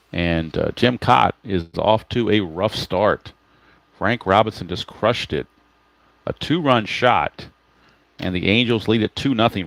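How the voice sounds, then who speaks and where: Man hosting a tabletop baseball replay, lowish voice, chatty dice-roll commentary, dry close sound. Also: a bit bright, dry recording. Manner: chatty, explains each dice roll, greets viewers by name. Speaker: tabletop baseball game host. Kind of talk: casual play-by-play of a dice baseball game.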